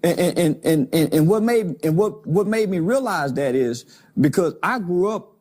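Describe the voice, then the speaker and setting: A man in his forties speaks with a slightly raised pitch. He is emphatic and candid in an interview. He often stutters through repeated words before landing a point. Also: lively intonation, unhurried, darkish tone. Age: 40s. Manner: emphatic, repeats words when starting sentences. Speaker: guest.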